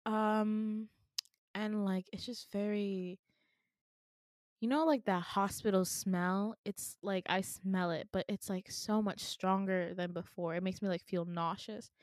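A woman's voice: medium pitch, fairly even intonation, slow, no echo, studio quality. A young woman co-hosting a podcast, casually telling a dream in a rambling way, full of fillers. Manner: rambling with many fillers and laughs. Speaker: podcast co-host.

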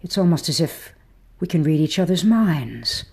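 A woman voicing a frail old man who pleads in a husky, dark whisper. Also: low voice, animated, moderate pace, exaggerated voice. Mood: pleading. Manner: pleading, insistent. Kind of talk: audiobook character reading.

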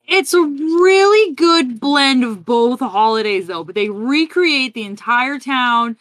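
A woman in casual podcast chat, retelling a film scene by scene in a chatty, animated way. Her voice is bright and a little higher than most, recorded close and dry with no room sound. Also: slow pace, no echo. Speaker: podcast co-host.

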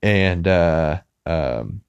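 A man's voice: deep voice, animated, drawn-out words, vocal fry, clean tone, no echo, lo-fi sound. A man hosting a podcast, casually recapping a TV episode with many filler words and restarts. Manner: rambling, lots of "uh" fillers. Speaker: podcast host. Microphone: podcast mic.

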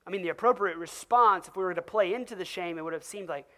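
A pastor preaching with animated, conversational energy. The voice sits at a middle pitch and keeps turning to the listeners with direct questions. Quoted voices are acted out along the way. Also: quick pace, few pauses. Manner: asks the audience direct questions. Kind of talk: sermon.

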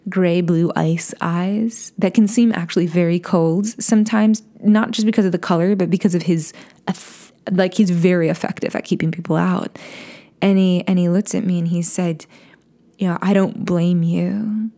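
A woman telling a personal story in a soft, confessional way, often dropping into a whisper and restarting her sentences. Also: lowish voice, steady tone, normal speed. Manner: frequent restarts and stammers.

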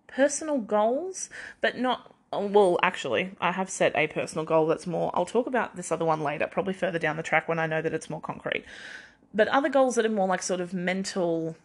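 A young adult woman hosting a podcast on her own, rambling in casual chat and laughing at herself often. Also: lowish voice. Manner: rambling, chatty, self-deprecating, laughs often. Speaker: podcast host.

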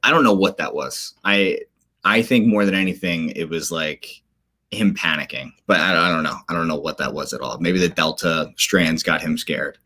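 Low-voiced guy on a sports podcast, chatty, tells stories fast with lots of asides. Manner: chatty, animated storytelling with quick asides. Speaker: podcast co-host. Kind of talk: casual sports chat.

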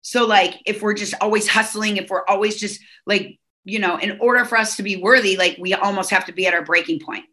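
Bright, chatty woman on a podcast. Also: medium pitch, brisk, few pauses. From Southern California. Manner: chatty, many fillers and restarts. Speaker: podcast guest. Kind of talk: casual podcast chat.

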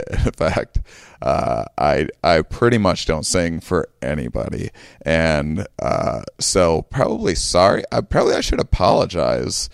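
Podcast host, male, deep, rambling and chuckling, worn out. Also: animated, unhurried, gravelly, clear, resonant tone, dry recording, clean studio sound. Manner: rambling, self-mocking, laughs often. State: tired. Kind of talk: casual podcast chat.

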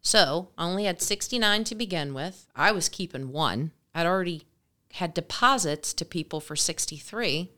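A woman in her forties, a podcast guest, telling a story casually and briskly and acting out dialogue. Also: on the low side. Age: 40s. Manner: brisk, animated, acts out dialogue.

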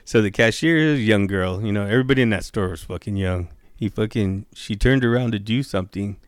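A man's voice: lowish voice, fairly quick, clean tone, no room sound. Guy telling a wild story, cussing nonstop, laughing, dry close sound. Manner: profane, laughing anecdote teller. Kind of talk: casual storytelling chat.

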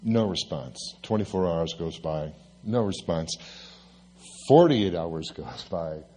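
Husky, lively male pastor telling a story. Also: low voice, slow pace. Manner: lively, confessional storytelling with self-mocking asides. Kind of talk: sermon storytelling.

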